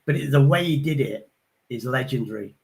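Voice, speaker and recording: A man hosting a casual chat, telling rough pub stories bluntly and acting out the voices of the people in them. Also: medium pitch, lively intonation, brisk, darkish tone. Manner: blunt, sweary, acts out quoted voices.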